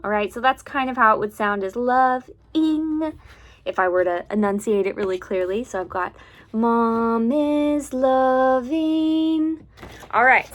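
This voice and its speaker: A woman music teacher patiently explaining to students step by step, slowly singing out syllables and solfege notes as examples. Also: medium pitch, a bit bright. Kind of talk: instructional lesson to students.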